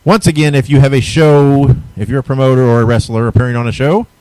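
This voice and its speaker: An easygoing male podcast host talks in a relaxed, chatty way between show plugs. The recording is dry and close, with no room echo. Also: medium pitch, fast talker, clear, resonant tone. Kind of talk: casual podcast chat.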